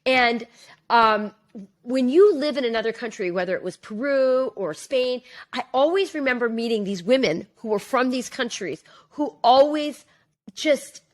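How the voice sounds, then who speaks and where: A middle-aged podcast co-host chats casually about politics in a high-leaning voice with lively intonation, speaking a little slowly. Her sentences run on at length with many fillers.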